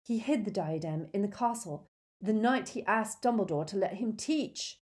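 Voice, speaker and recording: An earnest, determined teenage boy wizard in a storybook reading, as a woman reads him. He talks quickly and plainly, a little higher than the narration. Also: lively intonation, darkish tone, lightly acted.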